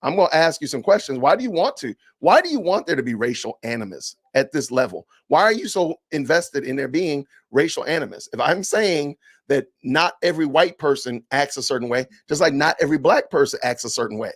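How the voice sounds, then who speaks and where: A man hosting a podcast livestream, reading comments aloud with animated, indignant, preachy ranting. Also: a little high, fairly quick, few pauses. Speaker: podcast host.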